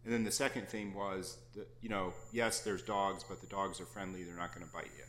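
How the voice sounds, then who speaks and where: A man's voice: low voice, little pitch movement, a little fast, a bit bright. A man questioning counsel from the bench as an appeals judge, probing and conversational, correcting himself as he goes. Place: courtroom. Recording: echoey courtroom with faint noise.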